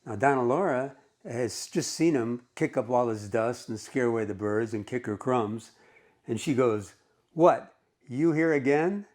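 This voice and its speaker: A man's voice: medium pitch, moderate pace, darkish tone. Chatty man teaching a story lesson. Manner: conversational, with frequent "okay" checks. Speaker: English teacher. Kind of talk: explaining a story in a recorded lesson.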